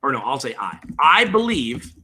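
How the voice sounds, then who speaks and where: Bright-voiced man streaming a tutorial. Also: mid-range voice, sing-song, normal speed. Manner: rambling, self-correcting, thinks aloud; reads viewer chat aloud and answers. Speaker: streamer building a game character. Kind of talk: casual live-stream tutorial chat. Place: room at home with window blinds.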